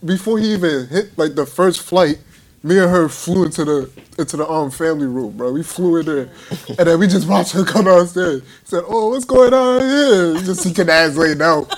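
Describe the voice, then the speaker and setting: A man's voice: fairly high pitch, normal speed. A young man casually telling a funny story to friends, laughing often and acting out what others said. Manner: animated, laughing, acts out voices of others.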